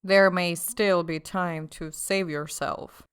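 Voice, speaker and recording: A woman voicing a scheming, two-faced male official who talks in a sly, half-mocking and forceful way, in an audiobook. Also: fairly low pitch, a little slow, smooth. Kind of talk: audiobook character voice.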